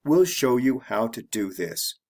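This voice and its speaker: A man narrating a scripted English lesson, reading example sentences slowly and deliberately for learners to repeat. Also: mid-range voice, sing-song, darkish tone. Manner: measured, deliberate, careful pronunciation drills. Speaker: English teacher.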